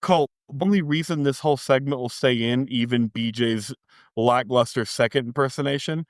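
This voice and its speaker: A man's voice: mid-range voice, brisk, no room sound, studio quality. A man from East Texas hosting a movie podcast, brash, joking and profane. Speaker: podcast host. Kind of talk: casual podcast chat.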